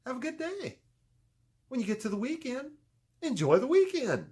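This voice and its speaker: A middle-aged man giving casual motivational advice in a video blog, animated and profane, swinging from loud emphasis to low muttering. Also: moderate pace, breathy edge. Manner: profane, joking. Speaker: video blogger.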